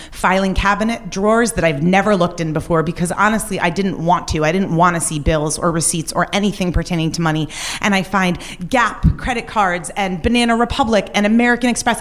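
A young woman telling a personal true story on stage, candid and wry. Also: fairly low pitch. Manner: candid, shifts between wry and raw.

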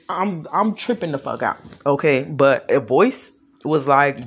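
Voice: mid-range voice, slow, fairly bright tone, breathy edge. A vlogger telling their own life story in casual spoken style, frank and profane, rambling with fillers and frequent check-ins with the audience.

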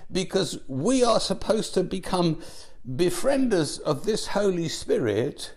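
A man preaching a sermon at an unhurried pace, with a voice pitched a little higher than most men's. He speaks deliberately and lets his voice fall away at the ends of phrases. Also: big pitch swings, creaky, darkish tone.

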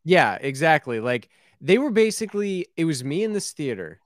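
A man's voice: on the high side, very animated, normal speed, no echo, clean studio sound. A man co-hosting a casual podcast, talking hesitantly and self-effacingly, with many restarts. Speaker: podcast co-host. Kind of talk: casual chat.

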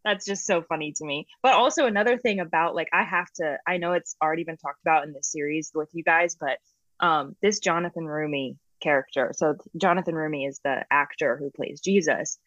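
A woman with a very low voice chats eagerly as a podcast guest. Her sound is dry and a little dull, lo-fi. She uses plenty of filler words. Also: brisk, no echo. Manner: enthusiastic, animated, filler-heavy. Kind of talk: casual podcast chat.

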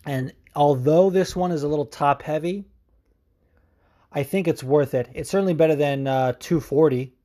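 A man's voice: fairly high pitch, moderate pace, warm tone. A man hosting a podcast, chatting casually in a rambling, profane way with lots of filler words. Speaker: podcast host. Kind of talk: casual chat.

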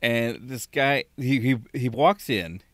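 A man's voice: mid-range voice, slow, a bit bright, no room sound. A man in casual chat, telling a profane story from work with lots of quoted dialogue.

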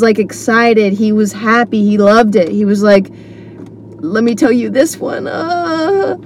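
A woman's voice: medium pitch, a little mellow, a little hiss or hum. A woman comedian talking solo on her podcast, telling a rambling story full of fillers and restarts. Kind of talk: casual solo monologue.

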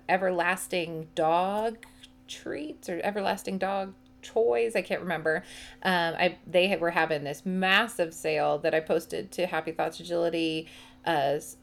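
Casting: low-pitched woman, relaxed and hesitant, podcast chat. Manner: relaxed, many ums and hesitations. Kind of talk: casual chat.

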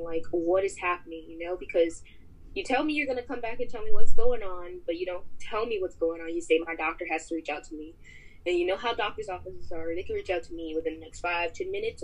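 A woman's voice: fairly low pitch, husky. A woman guest on a podcast, casually retelling a personal story over a phone call, rambling with lots of fillers.

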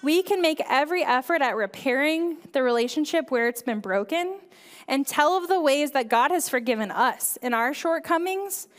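Woman, 30s, high voice, church kids director giving a conversational sermon. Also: animated, moderate pace, long reverb tail. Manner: earnest and conversational, frequent "right?" and "um". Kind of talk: sermon talk.

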